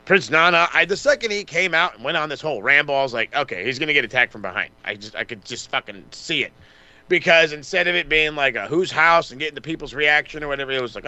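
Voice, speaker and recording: A man co-hosting a podcast, casually recapping wrestling with lots of swearing and quick mocking impressions of the wrestlers. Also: a little high, animated, bright, forceful tone, no echo. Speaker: podcast co-host.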